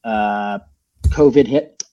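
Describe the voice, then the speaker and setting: A man's voice: on the low side, slow, mellow, lo-fi sound. A man, a podcast guest, chatting casually and rambling with many fillers and restarts.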